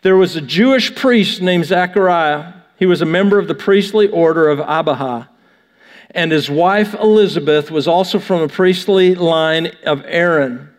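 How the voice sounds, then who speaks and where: High-voiced man preaching in a hall. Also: normal speed. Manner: conversational preaching, reads scripture aloud then riffs with humor. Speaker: pastor. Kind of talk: sermon.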